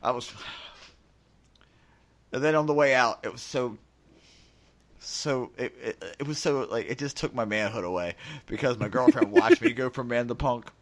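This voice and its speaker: A man co-hosting a casual podcast, animated as he tells stories and acts out the dialogue, his voice still slightly raspy after a sore throat. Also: medium pitch, moderate pace. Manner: animated storyteller acting out dialogue. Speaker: podcast co-host.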